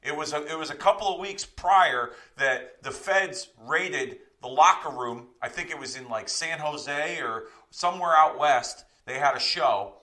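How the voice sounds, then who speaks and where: Bright-voiced man rambling on a podcast. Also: fairly high pitch, unhurried, few pauses. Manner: rambling, profane, self-correcting. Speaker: podcast co-host. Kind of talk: casual podcast commentary.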